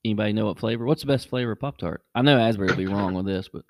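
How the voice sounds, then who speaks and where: A middle-aged man hosting a podcast, telling a casual story and jumping his voice up high when he acts out what people said. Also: racing, dry recording, clean studio sound. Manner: animated, jumps high when acting out quotes. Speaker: podcast host.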